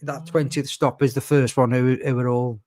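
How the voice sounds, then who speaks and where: A man's voice: mid-range voice, little pitch movement, moderate pace, darkish tone, dry recording, studio quality. A man hosting a casual podcast chat, rambling with lots of fillers and acting out what others said. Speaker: podcast host.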